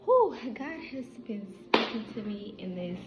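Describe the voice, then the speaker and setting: A woman, an insurance agent telling a story in a casual late-night vlog, animated and chatty. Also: medium pitch, a little slow, noisy background. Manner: animated, chatty, acts out quotes in her own voice. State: just woke up at night. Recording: echoey room, dull lo-fi sound, faint music.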